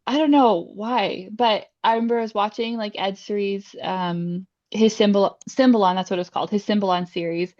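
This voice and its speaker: A woman's voice: medium pitch, moderate pace, hardly any pauses, a little mellow, no room sound. A young adult woman talks through her testimony in a loose, chatty way, full of little fillers and plainly moved. Her voice sits at an ordinary height and comes over a call with a dry, slightly dull sound. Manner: chatty, lots of fillers, laughs often; emotional, heartfelt. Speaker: guest sharing her faith testimony. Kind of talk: casual testimony interview.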